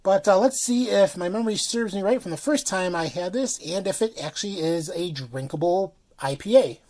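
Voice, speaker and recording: A man's voice: high voice, lively intonation, moderate pace, warm tone. Casual man reviewing beer. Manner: casual, frank, many fillers, swears.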